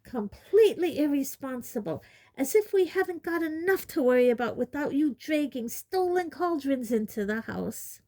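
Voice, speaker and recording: A woman doing a shrill scolding mother. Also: lively intonation, normal speed. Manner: high, loud scolding. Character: scolding middle-aged mother, shrill and exasperated. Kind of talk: audiobook reading.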